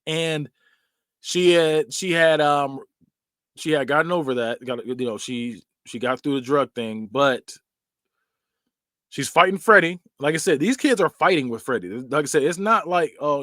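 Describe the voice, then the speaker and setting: A man's voice: on the high side, no room sound, studio quality. A man hosting a podcast, casually recapping horror movie scenes and acting out bits with sound effects. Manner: animated storytelling, acts out scenes with quick sound effects and laughs. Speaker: podcast host.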